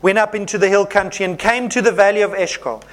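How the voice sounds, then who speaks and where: A man's voice: high-pitched, fairly even intonation, fast talker, a bit bright. A man preaching a sermon as pastor, reading scripture and acting out playful little voices.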